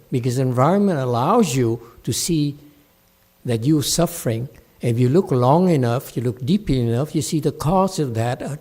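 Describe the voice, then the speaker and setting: A man, a meditation master giving a dharma talk at a temple, scolding a student bluntly, shifting from low, measured speech to loud, high outbursts.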